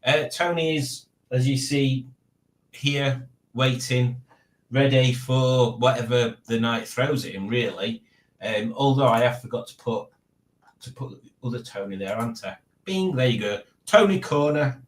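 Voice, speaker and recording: A man's voice: mid-range voice, measured pace, reverberant. A man hosting a live-stream quiz in casual chat, rambling and jokey as he reads viewer comments aloud.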